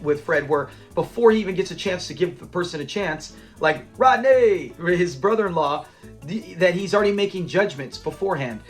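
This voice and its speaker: Guy on his channel going over a sitcom episode, high-ish voice, chatty, light music underneath. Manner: chatty, animated, acts out quotes. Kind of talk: casual episode recap.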